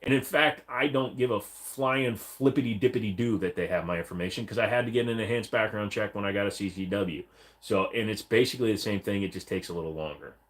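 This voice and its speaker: A man's voice: lowish voice, quick pace, a bit bright. A man hosting a casual livestream, chatting bluntly and profanely while reading viewer comments aloud. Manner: blunt, profane and rambling, mock-voices chat messages. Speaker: livestream host.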